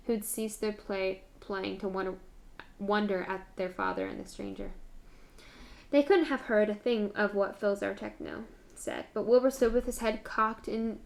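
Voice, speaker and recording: A woman's voice: mid-range voice, gravelly. A woman streamer reading fan fiction aloud, now and then stumbling on words and restarting.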